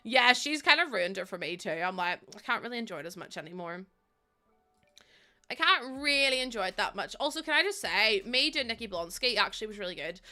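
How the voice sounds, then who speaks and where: A woman's voice: medium pitch, expressive, brisk, bright, forceful tone. A young woman with a Northern Irish accent, chatting casually and rambling with lots of ums as she streams a game to her chat. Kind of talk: casual livestream chat while playing.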